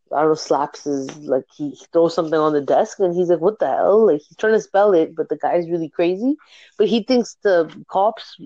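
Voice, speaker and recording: A woman's voice: on the low side, mellow, muffled recording. A young woman from Canada in casual conversation, chatty and giggly, with many fillers as she tells stories. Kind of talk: casual chat.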